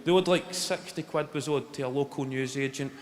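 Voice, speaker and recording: A man in his thirties with a Glaswegian Scottish accent, doing a sweary stand-up routine in a theatre in front of a live audience. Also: medium pitch. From Scotland. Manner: sweary, storytelling, quick asides. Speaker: stand-up comedian. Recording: echoey live hall with loud audience laughter.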